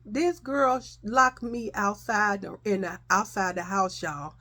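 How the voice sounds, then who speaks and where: A woman telling a childhood story in a casual, profane, animated way, often addressing listeners as y'all. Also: mid-range voice, a little slow.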